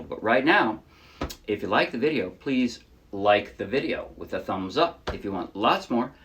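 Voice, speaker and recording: A man teaching a ukulele song in a casual tutorial, explaining patiently step by step and encouraging beginners. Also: fairly low pitch. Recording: ukulele playing loudly under voice.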